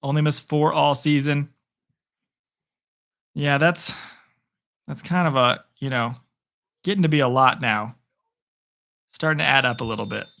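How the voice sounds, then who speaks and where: A man's voice: mid-range voice, fairly even intonation, a little slow, gravelly, pauses often, fairly bright tone. A man chatting at home with viewers and calling the plays of a game live into a propped-up phone. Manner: chatty, rambling, talks to viewers. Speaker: streamer giving live play-by-play. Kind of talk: casual live play-by-play and chat. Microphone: phone propped on a picture frame.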